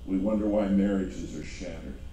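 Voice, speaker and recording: Male pastor, deep voice, dramatic sermon storyteller, heard from a distance in a very reverberant sanctuary. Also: fairly even intonation, normal speed, slight background noise. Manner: dramatic storytelling, emphatic repetition. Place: large echoey church sanctuary. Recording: very echoey hall from a distance, music underneath. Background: soft background music.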